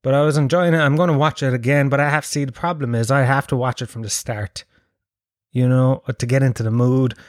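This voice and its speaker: A man's voice: mid-range voice, steady tone, a little fast, no room sound, studio quality. A man chatting casually as a podcast host, rambling, swearing and poking fun at himself. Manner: sweary, rambling, self-mocking. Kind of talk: casual chat.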